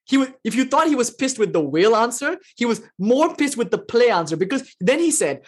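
A spiritual teacher giving an informal lecture with chanting, talking in an animated, flippant, joking way and swearing casually. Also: mid-range voice, a little fast, few pauses, husky. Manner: animated and expressive.

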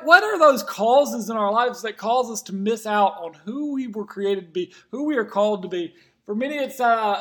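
High-voiced man preaching a casual sermon. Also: a bit bright. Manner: conversational retelling of scripture with casual paraphrase. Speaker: pastor.

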